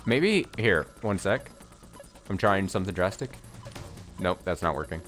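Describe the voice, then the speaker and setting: Lively exasperated male game streamer. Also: deep voice, a little slow, soft background music. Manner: exasperated, swearing, talking to himself. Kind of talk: live gameplay commentary.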